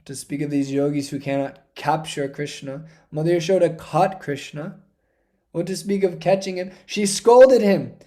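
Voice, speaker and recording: A man giving a devotional talk, telling a sacred story dramatically, swinging from hushed passages to intense ones. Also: fairly high pitch, moderate pace. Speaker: spiritual speaker.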